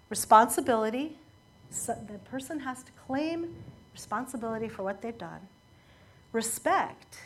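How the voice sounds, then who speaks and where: Earnest woman with a higher voice. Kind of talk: sermon storytelling.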